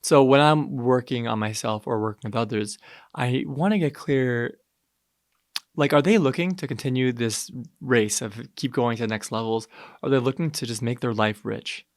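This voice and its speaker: A man's voice: mid-range voice, normal speed, dry recording, clean studio sound. Reflective man musing on wellness. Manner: reflective, hedging with many "like"s. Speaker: podcast guest, wellness practitioner. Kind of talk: casual podcast conversation.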